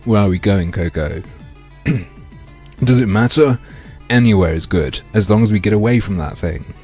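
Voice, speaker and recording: A man streaming a video game, reading its text aloud in a mock-dramatic way with sardonic, swearing asides, his throat strained and often cleared. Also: lowish voice, measured pace, mellow, faint music behind. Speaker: gaming streamer.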